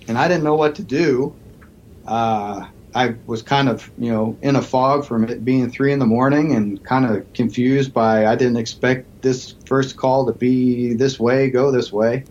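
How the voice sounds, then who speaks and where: Man telling a lively story. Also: mid-range voice, muffled recording, slight background noise. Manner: animated storyteller acting out quoted voices. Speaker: police negotiator and psychology professor, podcast guest. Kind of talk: storytelling in a podcast interview.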